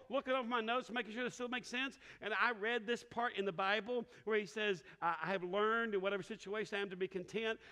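A man's voice: sits high, bright, forceful tone. A middle-aged man preaching a sermon, telling a personal story with humor and frequent laughs. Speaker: pastor. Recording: reverberant hall.

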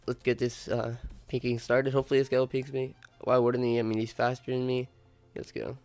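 A young man's gameplay commentary, stuffy from being sick, loose and chatty, breaking into loud cursing when a race goes wrong. Faint music plays underneath his voice. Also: mid-range voice, brisk. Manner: swearing, animated outbursts at the game. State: sick, congested. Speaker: gaming YouTuber. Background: faint background music.

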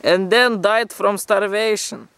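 A man's voice: high voice, fairly even intonation, takes it slowly, fairly bright tone, clear, resonant tone, dry recording. A man vlogging outdoors by a forest river, in a teasing, mock-dramatic way, talking to his viewers. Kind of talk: playful outdoor vlog commentary.

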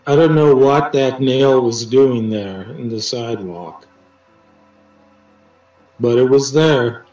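A man tells his stories slowly, stopping often and restarting, with dry teasing. His voice sits back from the mic in a roomy space. The sound is a little dull, with faint music under it. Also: medium pitch, dark tone, distant mic. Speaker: interview guest, poet. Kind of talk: casual storytelling interview.

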